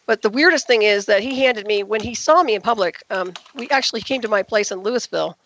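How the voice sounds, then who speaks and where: A woman's voice: mid-range voice, fast talker, fairly bright tone, slight background noise. A woman guest on a call-in radio interview, telling her story in an emphatic, indignant way. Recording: dull, dry lo-fi recording.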